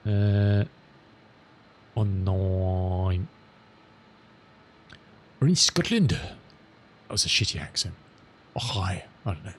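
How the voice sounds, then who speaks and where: A middle-aged man chatting casually with viewers as a live streamer, rambling and amused, reading radio calls slowly. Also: low voice, huge pitch swings, sharp tone, slight background noise. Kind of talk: casual chat with viewers while flying.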